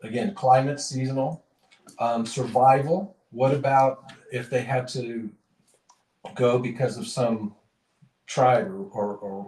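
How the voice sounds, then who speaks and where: A man's voice: mid-range voice, a little mellow, a little hiss or hum. A man hosting a podcast in casual chat, rambling and correcting himself as he tells stories. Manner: rambling, self-correcting, chuckling storyteller. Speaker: podcast host. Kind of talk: casual chat and joke telling. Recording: roomy, distant mic.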